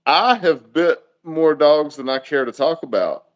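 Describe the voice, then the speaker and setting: Man, podcast co-host, blunt and joking, fairly high voice. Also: measured pace, dull audio. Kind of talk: casual chat.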